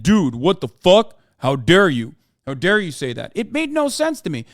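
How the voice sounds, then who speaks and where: A man's voice: on the high side, no room sound, studio quality. A man streaming live, reading news articles aloud and breaking off into sarcastic, profane, heated commentary.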